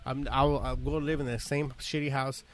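A man's voice: mid-range voice, flat delivery, brisk. A man hosting a casual podcast, rambling and swearing, often laughing as he talks. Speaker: podcast host.

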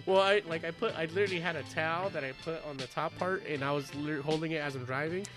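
A man's voice: on the high side, fast talker, over loud music. A man from Southern California telling rambling, profane stories with a lot of laughing in a casual chat.

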